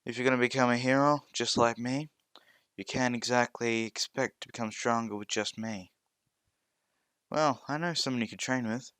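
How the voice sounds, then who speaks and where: A man's voice: mid-range voice, fairly even intonation, moderate pace, fairly bright tone, smooth, no echo, close to an everyday voice. A man voicing a boastful, teasing teenage boy scientist in a fan-made audio story. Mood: cocky. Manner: cocky, teasing.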